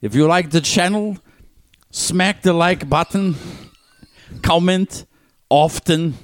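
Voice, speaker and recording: Man doing a pompous strongman, put-on Russian accent, slow broken English, high-pitched. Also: no room sound, studio quality. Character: blustering male Russian-accented strongman leader. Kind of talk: comedic impression.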